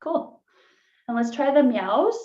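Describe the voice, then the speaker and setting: Woman, voice coach, casual and giggly, higher voice; echoey room, muffled online audio. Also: sing-song, slow pace, darkish tone. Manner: chatty, laughs easily, many "like" fillers. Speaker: voice workshop leader.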